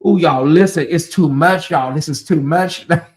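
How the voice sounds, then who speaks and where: A livestream host with a notably high voice talks at normal speed straight to his chat viewers. His manner is animated, and he often bursts out laughing.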